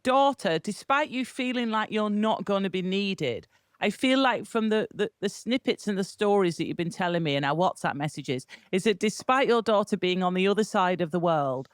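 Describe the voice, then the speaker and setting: A woman in her forties co-hosts a podcast. She teases her co-host in a playful way, and her pitch rises and falls a great deal. The sound is close and dry. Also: lively intonation, moderate pace, clear, resonant tone, dry recording. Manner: teasing, playful. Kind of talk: casual chat.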